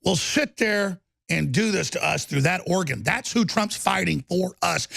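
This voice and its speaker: Brief: heated talk-show host, high raspy voice, dry studio mic, repetitive shouting bursts. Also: male voice, expressive, moderate pace, hardly any pauses, no echo. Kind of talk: angry political rant.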